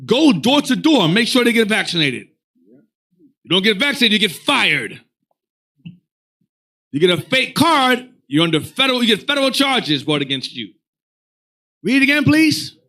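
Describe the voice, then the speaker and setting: Teacher, man, high bright voice, animated and rambling, tells the reader what to read next. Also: normal speed, long pauses. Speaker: religious class teacher. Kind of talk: casual teaching talk.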